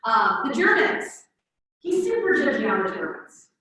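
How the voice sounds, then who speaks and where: A high-pitched woman with a bright, sharp tone gives a lively conference presentation as a Latin teacher. She talks in an animated way and slips into playful quoted voices. The sound is very echoey, recorded from well off the mic. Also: a little slow. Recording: echoey room, far from the mic.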